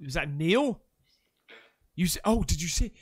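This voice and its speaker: A man from England hosting a reaction video, talking casually and excitably, swearing a lot and calling people mate. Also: a little high, measured pace, husky. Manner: excitable, swears often, calls the viewer mate.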